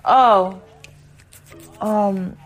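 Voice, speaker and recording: Very slow and steady in tone, a mother's medium-pitched voice comes through dull audio with faint music behind. On her podcast she speaks candidly and scatteredly, pausing now and then to see to her children.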